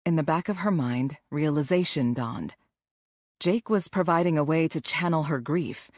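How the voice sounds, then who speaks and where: Woman, audiobook narration, measured and even, low voice, dry close sound. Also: no echo.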